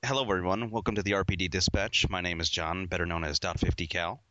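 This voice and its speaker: A man's voice: deep voice, fairly even intonation, fast talker, sharp tone, dry recording, lo-fi sound, faint music behind. A man hosting a podcast on a group call, giggling as he jokingly hurries his co-hosts along on a headset mic. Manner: giggly, bossy, jokingly herding the others. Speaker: podcast host. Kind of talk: casual chat on a group call.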